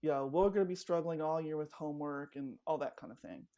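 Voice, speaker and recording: A woman's voice: low voice, quick pace. A middle-aged woman life coach telling stories in a casual interview, acting out the voices she quotes. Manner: animated storyteller, acts out quoted dialogue.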